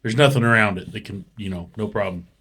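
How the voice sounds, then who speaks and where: A man's voice: on the low side, quick pace, a bit bright, husky. A man telling old stories in casual podcast chat, swearing all the time and laughing as he talks. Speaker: podcast host.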